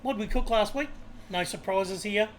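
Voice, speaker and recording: An Australian co-host with a slightly higher-pitched voice, chatting casually and cracking jokes. He talks easily and tells stories with relish. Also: normal speed, over a noisy crowd. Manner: jokey, chatty storyteller. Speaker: podcast co-host. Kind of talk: casual chat.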